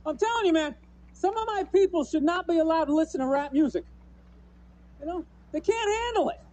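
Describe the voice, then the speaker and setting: Male comic, high voice with a mellow tone, loose rambling stand-up delivery. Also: lively intonation, fairly quick, no echo. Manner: loose, rambling delivery full of "you know" and "man". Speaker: stand-up comedian. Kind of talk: stand-up routine.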